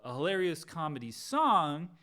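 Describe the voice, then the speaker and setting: Chatty bright-voiced male songwriter. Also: on the high side, sing-song, moderate pace. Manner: chatty, self-interrupting, breaks into singing lines. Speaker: songwriter teaching his own song. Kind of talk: casual songwriting breakdown with guitar.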